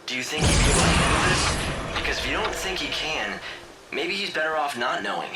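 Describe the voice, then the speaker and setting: A man's voice: a little high, big pitch swings, brisk. An actor playing an earnest, supportive young male companion in a video game. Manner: earnest, helpful. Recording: game audio over clear music.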